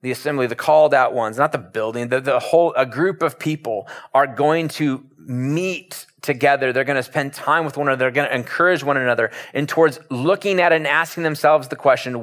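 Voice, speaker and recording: A male pastor delivers a sermon in a relaxed, conversational way and tells stories with plenty of animation. His voice sits at an ordinary middle pitch. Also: brisk, hardly any pauses.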